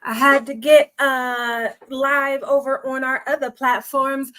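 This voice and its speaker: A woman's voice: high-pitched, little pitch movement, takes it slowly, few pauses, bright, forceful tone. A woman hosting a nightly devotional livestream, greeting viewers by name in a casual, folksy way and a little out of breath. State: a bit out of breath.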